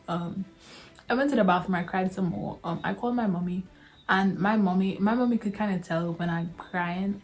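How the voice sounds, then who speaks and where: A young woman vlogger telling a casual storytime to her viewers, chatty and laughing often, calling them y'all. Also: medium pitch.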